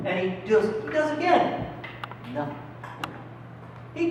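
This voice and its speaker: This young comic's high-pitched voice swings widely as he works slowly through his stand-up set, leaving long pauses. He mocks himself, performing his own squeals and pleas, on a small club stage recorded with a distant mic in an echoey hall with room noise.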